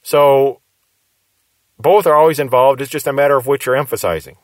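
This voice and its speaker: A man's voice: medium pitch, normal speed, no room sound. A man preaching a verse-by-verse Bible teaching sermon, explaining patiently and repeating key phrases for emphasis.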